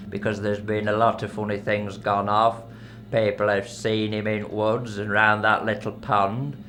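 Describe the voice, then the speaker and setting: A man's voice: on the low side, fairly bright tone. An actor playing a blunt older local man, warning of a woodland monster in a folk horror audio drama. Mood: ranting. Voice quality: blunt, grumbling, dialect-heavy. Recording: music bed behind.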